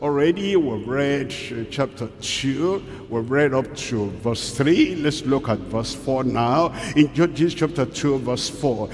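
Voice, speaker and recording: A man preaching a sermon, reading scripture slowly with deliberate pauses. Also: animated, a little mellow. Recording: hall reverb, faint rumble.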